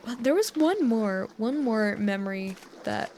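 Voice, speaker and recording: A young woman from the United States, softly rambling and telling meandering stories with frequent laughs while playing a relaxing game. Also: fairly high pitch, lively intonation, measured pace, slight background noise. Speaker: gaming channel host. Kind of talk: soft-spoken rambling over relaxing gameplay.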